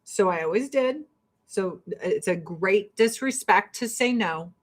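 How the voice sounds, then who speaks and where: A woman from the United States chatting casually while getting ready, telling stories in a profane, animated way. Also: mid-range voice, a little slow. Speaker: vlogger.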